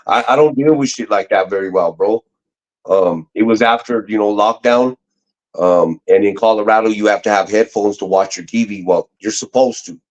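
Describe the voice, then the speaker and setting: Brief: low-pitched middle-aged man, slangy rambling storyteller, muffled lo-fi audio. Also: normal speed, darkish tone. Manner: slangy, rambling, frequent restarts. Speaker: guest. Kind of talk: casual storytelling chat.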